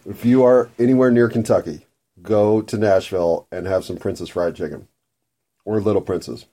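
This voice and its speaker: A man's voice: on the low side, normal speed, dark tone. A man talking in a casual, rambling monologue while he eats, swearing freely as he goes. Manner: profane, rambling and food-obsessed. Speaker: vlogger.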